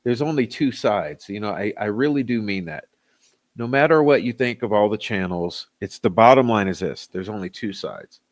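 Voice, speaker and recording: A man's voice: fairly low pitch, animated, normal speed. Sarcastic, profane man ranting. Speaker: commentary channel host. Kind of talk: ranting commentary.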